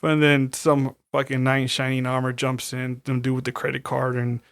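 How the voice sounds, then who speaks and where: A podcast co-host recaps a horror movie in casual, profane chat, telling the story animatedly and acting out quotes. His voice is medium-pitched at a normal speed, with no echo.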